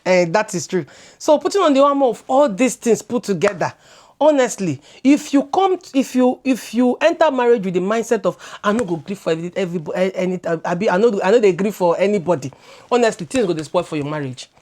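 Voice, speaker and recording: A Nigerian woman in her thirties, co-hosting a relaxed talk show. She talks animatedly, drifts between English and Pidgin, and circles back over her own words as she makes her point. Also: mid-range voice, fast. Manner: animated, switching into Pidgin, laughing, repeating words as she goes. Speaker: co-host. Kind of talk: casual chat.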